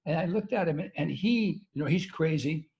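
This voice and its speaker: Gravelly older man telling a rambling story. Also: on the high side, lively intonation, darkish tone. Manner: halting, many restarts, casual swearing. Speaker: guest. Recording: dull lo-fi sound.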